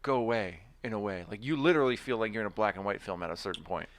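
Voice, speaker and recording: A man's voice: on the low side, very fast. A man co-hosting a podcast in casual chat, wry and laughing along, swearing casually. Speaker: podcast co-host.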